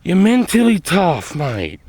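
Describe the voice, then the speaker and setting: A middle-aged Australian army veteran vlogs casually in a blunt, emphatic style, swearing and repeating his points. His voice is high and a little mellow with vocal fry, swooping wildly in pitch as he speaks slowly. The recording is dry.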